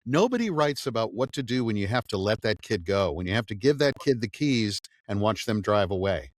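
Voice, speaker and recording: Low-voiced middle-aged man, dry close sound. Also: brisk, dry recording. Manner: animated storyteller, acts out quoted dialogue. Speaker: audiobook narrator and actor. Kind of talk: casual interview conversation.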